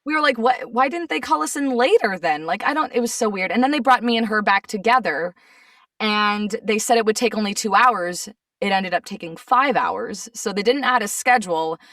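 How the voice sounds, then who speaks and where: A woman voice actress in a casual chat, telling stories in an animated, exasperated way. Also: mid-range voice, moderate pace, dry recording, recorded from a distance. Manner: animated storyteller, gets sassy and exasperated. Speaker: voice actress guest.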